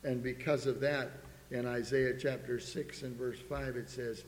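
A man's voice: mid-range voice, flat delivery, unhurried. A man preaching a sermon, earnestly reading scripture aloud to a congregation in a church. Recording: echoey hall with faint hum.

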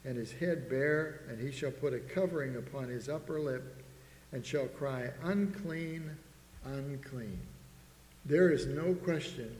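A man's voice: mid-range voice, a little mellow. A middle-aged man preaching a sermon as a pastor, building emphasis and asking the congregation for an "Amen". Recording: echoey hall with long reverb.

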